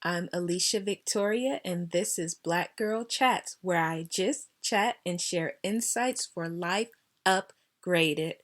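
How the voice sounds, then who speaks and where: A woman's voice: on the low side, slow. A woman hosting her own vlog, telling a story casually and acting out both sides of a phone call. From United States. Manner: animated, acts out both sides of phone calls. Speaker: vlog host.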